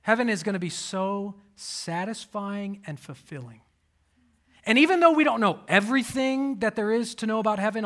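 A man in his thirties preaching a sermon, telling personal stories with animated swings and sudden soft asides. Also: high voice. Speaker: pastor.

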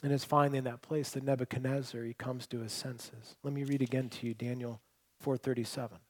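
A man preaching a sermon as pastor, telling stories, shifting between loud emphatic points and quiet, hushed lines. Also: medium pitch, level tone, a little fast. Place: church hall with congregation.

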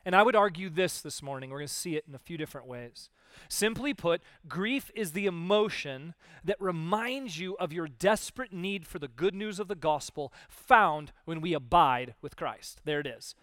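Male pastor, sermon delivery, casual and animated, slightly raised pitch, dry close sound. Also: moderate pace, dry recording. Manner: conversational, animated, acts out quoted voices.

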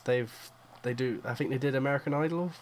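A woman's voice: a bass voice, fast, a little mellow. A woman co-hosting a casual podcast, wry and self-deprecating, laughing often. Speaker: co-host.

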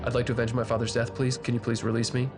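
A man's voice: medium pitch, completely flat delivery, racing, close to an everyday voice. A man voicing a boastful, cruel young prince in a slurred, giggly drunk retelling, with music behind. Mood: drunken bravado. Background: background music.

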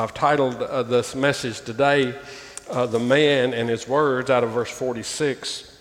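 A male pastor preaching a sermon, reading scripture aloud and calling his listeners "folks" with emphatic rises. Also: mid-range voice. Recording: long reverb, faint ambient noise.

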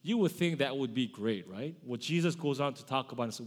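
A man's voice: mid-range voice, expressive, fast, few pauses, big-room sound. A male pastor giving a sermon in a conversational way, often correcting himself mid-sentence. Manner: conversational preaching with self-corrections.

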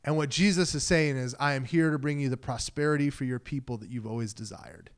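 A man's voice: mid-range voice, fairly quick, clear, resonant tone. A man preaching a sermon as pastor, talking in a loose conversational way and acting out quoted voices.

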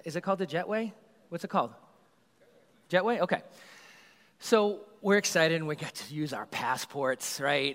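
A man, a youth group leader, telling a comedic story in an animated, rambling way and acting out the scenes. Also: a little high, fairly quick. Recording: reverberant hall.

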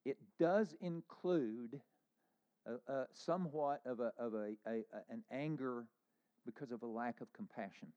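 A man preaching a sermon as pastor, earnest, moving between hushed lines and emphatic ones. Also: medium pitch, a little slow, lo-fi sound.

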